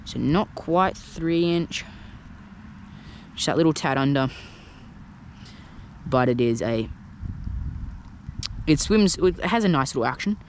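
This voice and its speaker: A man's voice: a little high, slow pace, pauses often, slight background noise. Chatty man fishing outdoors. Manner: chatty, excitable, thinks aloud. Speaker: fishing vlogger. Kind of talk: casual narration while fishing. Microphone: action camera.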